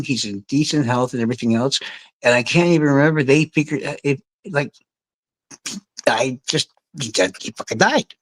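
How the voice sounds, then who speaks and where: A man's voice: on the low side, poor audio. A man chatting casually on a livestream, rambling and swearing as he gets worked up.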